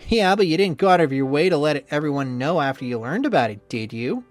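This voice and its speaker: Brief: a reader putting on a resentful young rival guy. Sneering, profane, lively swings in pitch, faint music underneath. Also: brisk, natural voice. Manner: sneering, swears often. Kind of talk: visual novel voice acting.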